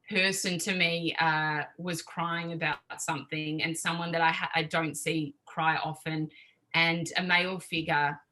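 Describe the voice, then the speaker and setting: A woman's voice: fairly low pitch, low-quality recording. A woman, a podcast guest talking openly and emotionally in casual interview chat. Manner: emotional, openly expressive, laughs easily.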